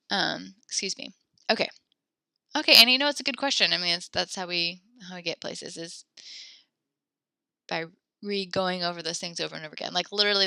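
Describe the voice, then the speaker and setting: A young woman leads a French class over a video call, her voice bright and a little gravelly, sitting low in her range. She is upbeat and patient, cheering her students on as she corrects their sentences. The sound is close and dry. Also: no room sound. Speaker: French teacher. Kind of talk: online class teaching. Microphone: computer mic on a video call.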